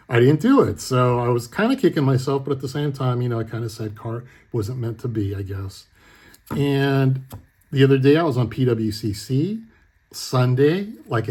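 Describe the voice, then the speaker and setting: A middle-aged man with a husky, mid-pitched voice talks casually through his collection. He tells rambling stories, often stops to correct himself, and keeps an easy, chatty flow. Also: darkish tone. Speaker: card collector host. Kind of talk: casual show-and-tell chat.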